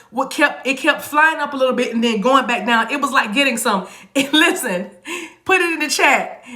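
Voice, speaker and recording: A middle-aged woman talks loosely to her livestream chat as a spiritual reader. Her voice sits high and sounds bright and forceful. She laughs often and slips into chanted, tongue-like phrases. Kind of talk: casual livestream talk to chat viewers.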